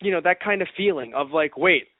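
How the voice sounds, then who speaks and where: Co-hosting a laid-back fan review podcast, a man speaks fast and animatedly in a higher voice, with no echo. He acts out reactions and laughs a lot, all captured in a dry, phone-like lo-fi recording.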